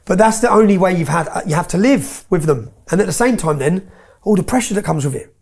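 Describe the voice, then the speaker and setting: An English man is an interview guest telling stories with emphasis in a heated exchange, often tagging points with "yeah?". His high-pitched, darkish voice is expressive and fast.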